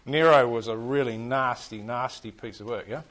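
A man with a New Zealand accent teaching a class, lively and full of questions to his listeners. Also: mid-range voice, moderate pace, slight background noise. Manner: animated, keeps firing questions at the class. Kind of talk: interactive history class on church history.

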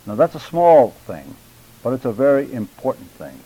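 An older man teaching a church public speaking class, deliberate and emphatic, addressing his students directly. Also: mid-range voice, very animated, dark tone, husky, poor audio.

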